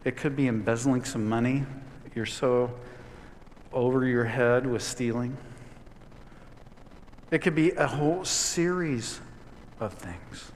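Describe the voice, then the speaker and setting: A man's voice: medium pitch, takes it slowly, long pauses, slight background noise. A man delivering a sermon as a pastor, telling a story in a conversational way and building to emphatic points. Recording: long hall reverb.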